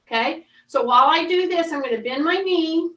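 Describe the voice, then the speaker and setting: A woman's voice: very high voice, brisk, a bit bright, lo-fi sound. A woman fitness instructor leading a live mobility class, giving patient, repeated coaching cues. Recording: echoey room, voice from far off.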